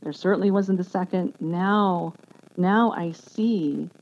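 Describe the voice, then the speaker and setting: A woman giving an earnest, emotional personal testimony as an interview guest, speaking haltingly with many restarts. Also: on the low side, a little mellow. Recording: dull lo-fi sound with faint background noise.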